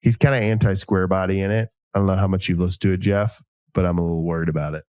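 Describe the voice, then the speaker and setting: A man's voice: low-pitched, fast talker, no echo, clean studio sound. A man co-hosting a podcast, telling rambling, jokey stories in a casual chat. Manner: rambling, jokey, animated storytelling. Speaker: podcast co-host.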